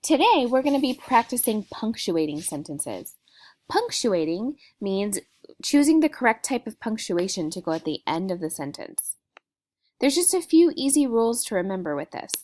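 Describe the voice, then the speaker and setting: A woman teacher explaining a grammar lesson to young students in a clear, patient way. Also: fairly high pitch, big pitch swings, normal speed, a little mellow.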